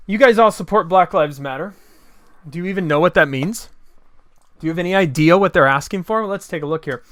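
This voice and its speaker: A man's voice: fairly high pitch, animated, a little fast, gravelly, fairly bright tone. A man delivering an opinion monologue, combative and sarcastic, firing off rhetorical questions. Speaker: political commentator.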